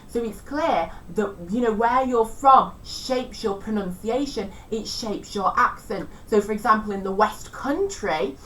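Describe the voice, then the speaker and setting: A woman's voice: on the high side, a little slow, few pauses, fairly bright tone, recorded from a distance, rough recording. Chatty woman teaching a revision lesson. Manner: chatty, self-deprecating, tries out regional accents.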